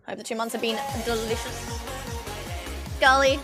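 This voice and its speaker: A young Australian woman streamer telling stories in casual chat, animated and swearing freely as she acts out the people she met. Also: fairly high pitch, normal speed, pauses often, soft background music.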